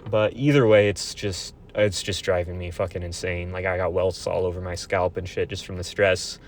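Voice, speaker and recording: Brief: twenty-something guy, low voice, swearing a lot, rambling vent with lots of restarts. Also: fairly even intonation, normal speed, a little hiss or hum. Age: 20s. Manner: profane, rambling, frequent restarts. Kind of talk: casual venting monologue.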